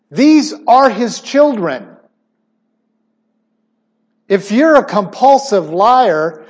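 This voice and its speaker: A middle-aged man preaching a sermon emphatically, his voice swinging suddenly between loud stressed words and quiet asides. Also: sits high.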